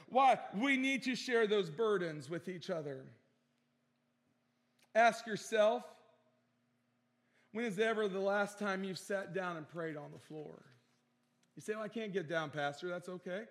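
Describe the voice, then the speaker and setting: In a church sanctuary, a man preaches with conviction, driving points home through repetition and asking the congregation for amens. His voice sits high and sounds a bit bright, carried by the long reverb of the church hall.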